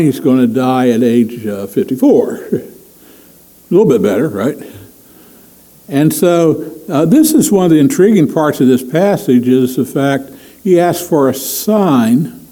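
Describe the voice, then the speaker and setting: A man's voice: medium pitch, warm tone, poor audio. A man preaching a conversational sermon as pastor, chatty with frequent chuckles and many fillers.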